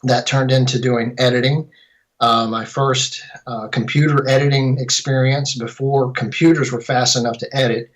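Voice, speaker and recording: A man's voice: medium pitch, fairly even intonation, moderate pace, rough recording. Rambling middle-aged man telling his story. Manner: rambling, self-correcting storyteller. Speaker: filmmaker and composer. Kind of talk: casual interview answers.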